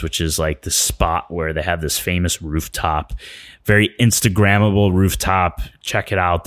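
Low-voiced man, rambling vlog story. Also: dry recording, clean studio sound. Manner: rambling and excitable, with many restarts and fillers. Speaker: vlogger and filmmaking teacher. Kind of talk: casual travel vlog storytelling.

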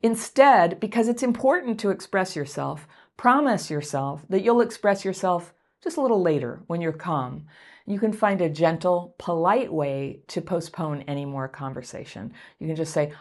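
A woman coaching viewers through a self-help talk, speaking in a gentle, encouraging, conversational way and laughing lightly between points. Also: fairly low pitch, animated, normal speed. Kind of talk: advice talk to camera.

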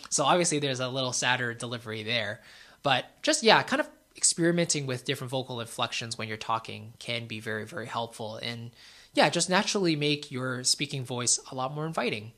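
A young man, a YouTuber and musician, giving casual speaking advice in a relaxed way, full of fillers and asking "right?" often. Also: mid-range voice, brisk. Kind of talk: casual talking-head advice.

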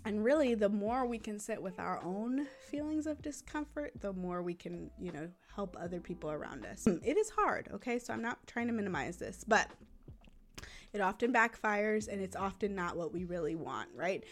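A woman hosting a parenting podcast. She talks casually and earnestly, often checks in with a quick "right?", and sounds reassuring. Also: mid-range voice, sing-song. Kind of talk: casual teaching talk.

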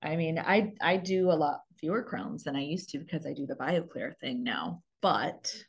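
A woman's voice: sits low, normal speed, breathy edge. A woman hosting a podcast chat, a dentist and life coach who explains her points earnestly. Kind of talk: casual podcast conversation.

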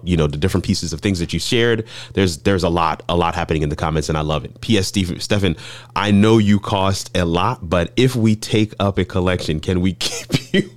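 A man hosting a live show, enthusiastic and interjecting, often restarting his words. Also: low-pitched. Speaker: livestream show host.

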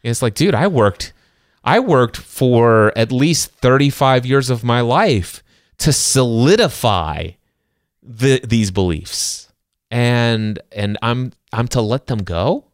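A man's voice: medium pitch, lively intonation, slow, dry recording, studio quality. Earnest middle-aged male podcast host. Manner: earnest, faith-driven, emphatic, acts out inner dialogue. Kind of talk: casual book-discussion podcast.

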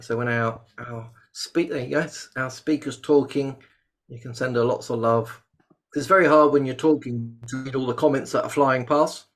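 A man's voice: mid-range voice, moderate pace. Host, man, jokey and chatty, video call. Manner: chatty, jokey, lively bursts of excitement. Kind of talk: casual webinar chat.

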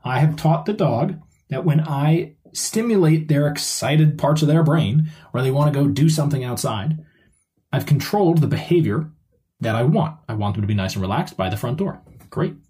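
A man's voice: mid-range voice, expressive, moderate pace, mellow. A man hosting his own podcast as a dog trainer, explaining things step by step in a conversational way.

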